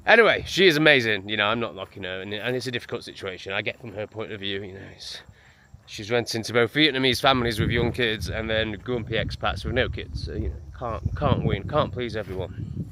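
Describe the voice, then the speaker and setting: An English man chatting to camera in a vlog beside a lake, animated and full of asides. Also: fairly low pitch, fairly quick. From England. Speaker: vlogger. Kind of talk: casual vlog talk to camera. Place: outdoors by a lake. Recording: noisy outdoor recording.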